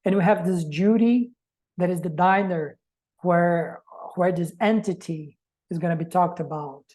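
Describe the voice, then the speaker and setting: A woman's voice: fairly low pitch, a little slow, darkish tone, poor audio. A woman giving an academic presentation to a reading group, speaking reflectively and posing rhetorical questions.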